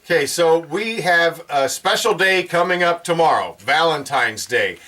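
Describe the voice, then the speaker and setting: A man's voice: on the high side, animated, measured pace, bright, forceful tone, poor audio. A man hosting a radio talk show, welcoming a caller and joking with her, laughing easily. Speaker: radio host.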